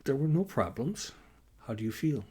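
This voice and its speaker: A man reading the part of a patient Northern European woman scientist who speaks gently and matter-of-factly, with slightly odd phrasing. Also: medium pitch, sing-song, moderate pace, a little hiss or hum, voice pushed up, lightly acted.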